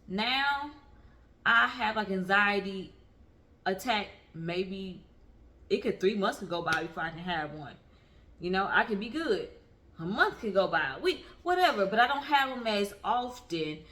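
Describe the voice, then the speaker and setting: A woman in her thirties shares her own experience in a candid vlog. Her voice is bright and ringing, and she speaks earnestly. She leans on repetition to make each point land. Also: medium pitch, animated, a little slow. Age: 30s. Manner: earnest and emphatic, repeats phrases for weight. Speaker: vlogger. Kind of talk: candid personal talk to camera.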